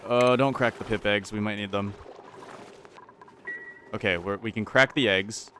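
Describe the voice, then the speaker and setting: A man with a fairly low voice commentates his own gameplay in a rambling, let's-play way. He gets frantic and repeats himself when things go wrong. A faint hiss sits under the recording. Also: fairly even intonation, unhurried, a bit bright. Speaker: gaming channel host.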